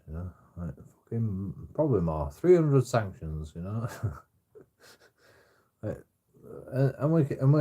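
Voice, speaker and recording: A man's voice: on the low side, mellow, slightly rough. A man rambling in casual chat as a streamer, swearing constantly and stammering through restarts.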